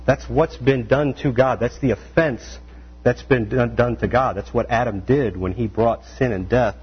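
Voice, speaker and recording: A man preaching a conversational sermon, animated, full of rhetorical questions and acted-out quotes. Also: mid-range voice, normal speed, slightly rough. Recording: dull lo-fi sound with faint mains hum.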